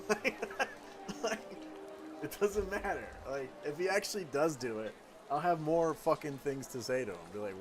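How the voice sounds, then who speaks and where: A man's voice: on the high side, expressive, moderate pace, music in the background. A man chatting casually on a gaming livestream, rambling, swearing and repeating himself. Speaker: gaming streamer.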